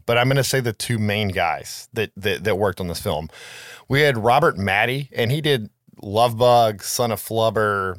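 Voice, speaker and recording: A man's voice: fairly low pitch, no echo. Swearing rambling podcast guy, dry sound. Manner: rambling, swears freely, lots of "like" and "right?". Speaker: podcast co-host. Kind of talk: casual podcast chat about a film.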